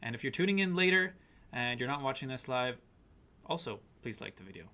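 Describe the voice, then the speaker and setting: A relaxed man co-hosting a casual live-stream chat. His pitch sits in an ordinary middle range. He rambles along easily and reads out viewer shout-outs. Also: a little fast. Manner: chatty, reads out viewer names and greetings.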